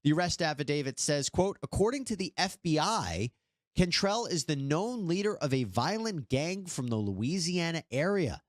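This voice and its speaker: A man reading a news report in a measured, formal way. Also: on the high side, big pitch swings, dry recording, studio quality.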